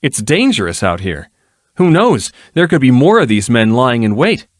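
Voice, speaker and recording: A man voicing a young nobleman in a fantasy audiobook, a breezy dandy who speaks in a wry, lightly ironic way. The voice sits a little higher than the reader's own, in a close, dry recording. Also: sing-song, normal speed, no echo, lightly acted. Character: young male nobleman, casual witty dandy.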